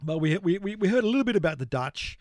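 A rambling, self-deprecating man in his fifties chats as a podcast co-host. His voice sits a little high, and the recording is close and dry with no room sound. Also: lively intonation, fast talker, no room sound. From Australia. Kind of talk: casual chat.

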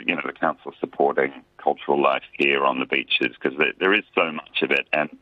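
A man's voice: a bass voice, no echo. A man, a musician guest chatting casually and self-deprecatingly in a radio interview. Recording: dry tinny phone line.

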